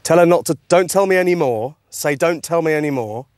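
A man feeding a housemate prank lines, coaxing and mischievous, giving quick directives. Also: fairly high pitch, lively intonation, a little mellow. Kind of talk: prank instructions through an earpiece.

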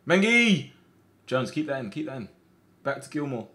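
A man streaming a football management game, reacting out loud with groans and cheers as he commentates. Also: medium pitch, moderate pace. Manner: excitable, shouts at players, swings between groans and cheers. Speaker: gaming streamer.

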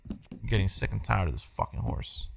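Gravelly man chatting over gameplay. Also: lowish voice, big pitch swings, moderate pace, very noisy. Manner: chatty, swearing, easily annoyed. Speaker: gameplay streamer. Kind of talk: casual let's-play commentary. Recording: commentary over loud game music.

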